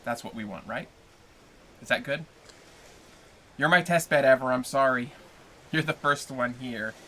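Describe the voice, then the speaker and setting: A man's voice: mid-range voice, a little slow, pushed and bright. A man hosting a livestream, chatting casually and playfully with his viewers before a reading. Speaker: livestream host and reader.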